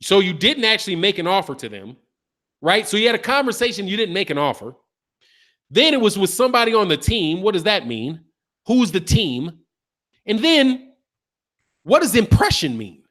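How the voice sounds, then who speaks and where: A man's voice: sits high, sing-song, normal speed, pauses often, fairly bright tone. A man hosting a boxing talk channel, arguing in a loose, casual way, picking apart words with rhetorical questions and a little street slang. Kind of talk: casual commentary to a live chat.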